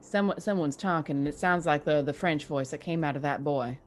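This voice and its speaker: A woman playing a tabletop game, talking in halting bursts with repeated words and laughs. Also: deep voice, soft background music. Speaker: player. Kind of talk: casual tabletop play.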